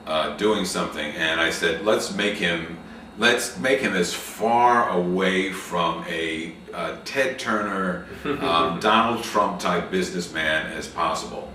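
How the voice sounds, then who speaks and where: Deep-voiced guy rambling in an interview, lots of ums, bright edge, far from mic. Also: takes it slowly. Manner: rambling, many fillers and restarts. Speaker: interview guest, actor and acting coach. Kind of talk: casual interview conversation. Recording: echoey room, voice from off mic, faint noise.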